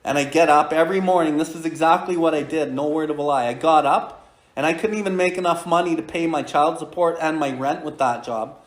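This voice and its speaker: A man's voice: a little high, a little fast, reverberant. A man in his forties hosting a recovery podcast, telling a story in a blunt, profane, casual way with frequent laughter. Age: 40s.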